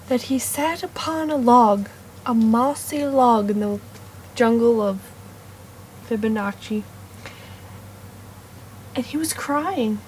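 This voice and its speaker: Slow, playful woman improvising a story. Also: on the high side, a little hiss or hum. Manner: playful, dramatic swings from loud to whispered asides; meandering, self-correcting.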